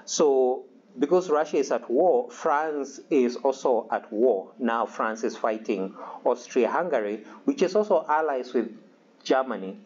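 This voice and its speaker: A man's voice: mid-range voice, unhurried, a little mellow. Chatty male history lecturer, lo-fi. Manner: loose and conversational, with many fillers and acted-out asides. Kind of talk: recorded classroom lecture.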